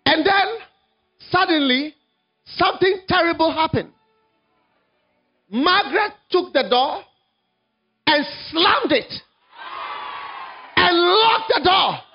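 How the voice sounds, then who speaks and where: A man preaching an evangelistic sermon, telling a story dramatically, swinging from hushed to shouting. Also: extremely high pitch, expressive, slow pace, long pauses, muffled recording, soft background music, a faint crowd.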